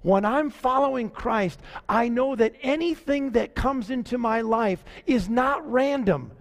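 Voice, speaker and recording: High-voiced pastor preaching in a reverberant hall. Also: male voice, gravelly. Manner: conversational preaching, slowing down to stress key lines. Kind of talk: sermon.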